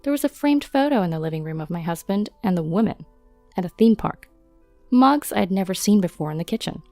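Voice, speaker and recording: A woman narrating her own story in the first person in a steady, matter-of-fact way. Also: medium pitch, fairly quick, no echo, soft background music.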